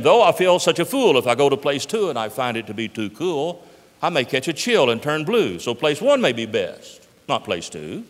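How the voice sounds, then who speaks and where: A man's voice: fairly high pitch, a bit bright. A man reading aloud and voicing an indecisive young male Zode creature that frets back and forth. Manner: fretful, going back and forth. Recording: echoey hall.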